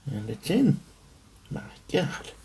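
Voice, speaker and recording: A man's voice: fairly high pitch, huge pitch swings, slow pace, warm tone, breathy edge. A man thinking aloud to himself as he works, rambling and muttering. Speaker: watch-building hobbyist. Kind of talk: thinking aloud while working.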